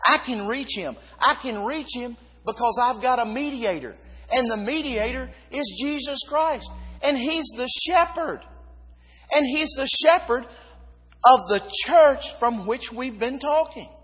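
A man preaching a sermon, emphatic, dropping low and quiet then rising again. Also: expressive, unhurried, husky. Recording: long reverb of a hall.

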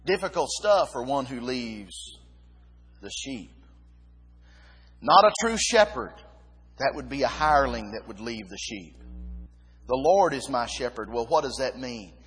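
A man preaching a sermon, emphatic, dropping low and quiet then rising again. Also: very animated, a little slow, long pauses, a little hiss or hum. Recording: long reverb of a hall.

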